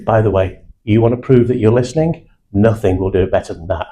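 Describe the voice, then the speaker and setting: A man's voice: fairly low pitch, fast talker, dark tone, a little hiss or hum, low-quality recording. A man, teaching a live sales training session in a blunt, confident manner with British slang. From England (South Manchester).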